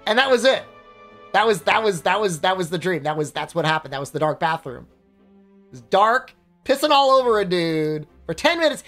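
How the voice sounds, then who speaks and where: A woman streamer rambles through a story in a lively, swooping voice and keeps breaking into laughs. Her pitch sits in the middle of the range. Quiet music runs in the background. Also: moderate pace. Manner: rambling, animated, laughs while telling. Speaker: game streamer. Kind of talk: casual storytelling on a live stream.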